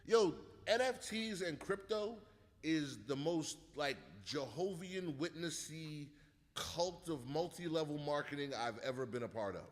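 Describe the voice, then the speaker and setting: A man's voice: on the high side, a little slow, long reverb tail. A man telling profane comic stories in casual talk, acting out quotes, who hasn't slept. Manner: animated, profane, acts out quotes. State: sleep-deprived. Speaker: comedian guest. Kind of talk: casual comedic storytelling.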